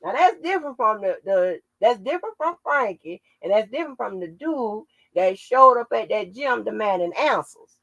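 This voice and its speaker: Female channel host, gravel in the voice, loose, profane and laughing, dry close sound. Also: on the high side, expressive, moderate pace, a bit bright, no echo, muffled recording. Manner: salty, laughing, profane storytelling. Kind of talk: casual livestream chat.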